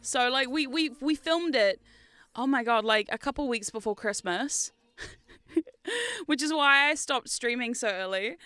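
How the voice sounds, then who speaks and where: A woman's voice: high-pitched, very animated, measured pace, pushed and bright, smooth, no room sound. A woman streamer chatting casually to her viewers on a livestream, laughing often and swearing freely.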